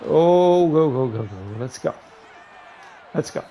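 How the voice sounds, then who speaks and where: A man giving running commentary while playing a football video game, excitedly talking through his play calls to himself. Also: on the high side, takes it slowly, some chatter behind, a little hiss or hum. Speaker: gaming YouTuber. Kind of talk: live gameplay commentary.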